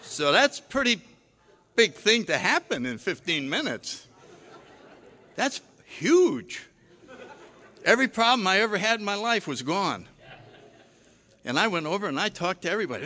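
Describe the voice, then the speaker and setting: An older man tells his own story from a stage, his voice bright and forceful. He is animated and self-mocking, and he replays his own past lines in his storytelling. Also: sits high, normal speed, pauses often. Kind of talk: personal storytelling talk.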